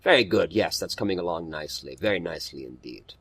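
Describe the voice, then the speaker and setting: A man's voice: deep voice, expressive, fast talker, gravelly, fairly bright tone, husky, voice pushed down, full character voice. A man voicing a cultured, courteous male engineer from a video game, speaking in a polite, pleasant way. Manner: polite and pleasant, read aloud.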